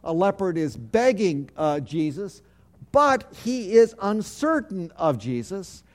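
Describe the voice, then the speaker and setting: A man's voice: high voice, very animated, slow. A man, a pastor, preaching a sermon, leading his congregation to repeat phrases back, with earnest, repetitive emphasis.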